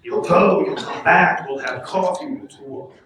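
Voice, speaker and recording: A man's voice: on the high side, a little slow, a bit bright, a little hiss or hum, pitched above the performer's own voice. A man voicing Saint Peter in a joke during a speech, friendly and folksy, in an echoey hall. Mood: genial. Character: Saint Peter, genial older male gatekeeper. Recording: echoey hall, mic from far off.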